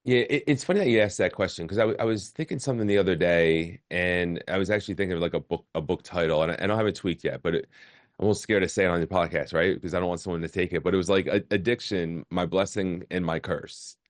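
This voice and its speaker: A man's voice: deep voice, quick pace, dry recording. A man in his forties, a podcast guest, telling his life story in a casual, candid way and often repeating words. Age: 40s. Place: remote call.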